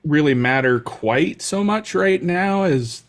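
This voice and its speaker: A man's voice: on the high side, expressive, slow. Dry-teasing man co-hosting a podcast. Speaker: podcast co-host. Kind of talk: casual chat.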